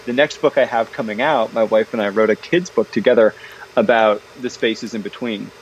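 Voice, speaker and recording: A man's voice: fairly low pitch, normal speed, a little hiss or hum. Chatty man with a dull, lo-fi sound. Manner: animated, chatty, many fillers and restarts. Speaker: guest, parenting author. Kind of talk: casual interview conversation.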